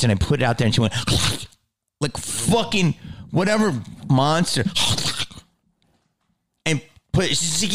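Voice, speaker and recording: Swearing man ranting in a lively voice. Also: moderate pace, long pauses. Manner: heated, swearing, swinging between growls and high outbursts. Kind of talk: profane ranting monologue.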